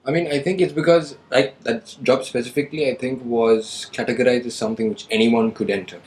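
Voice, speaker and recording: A man in his twenties in a casual conversation, adding quick, eager comments and his own points. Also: mid-range voice, steady tone. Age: 20s. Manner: quick back-and-forth, eager interjections.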